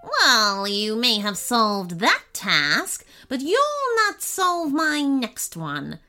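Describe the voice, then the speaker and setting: A woman's voice: on the high side, wildly swooping pitch, bright, forceful tone, faint music behind, heavily acted. Woman putting on a smug grumpy imp. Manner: smug, drawn-out taunting.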